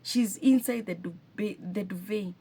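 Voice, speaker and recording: A woman's voice: medium pitch, unhurried, mellow, slightly rough. A Kenyan woman vlogging as a single mother, retelling a hard family day in an earnest, emotional way and often restarting her sentences. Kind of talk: personal storytelling to camera.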